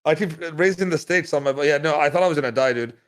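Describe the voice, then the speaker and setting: A man's voice: a little high, very fast. A man chatting casually on a podcast, rambling with many restarts and a self-deprecating tone. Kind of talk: casual chat.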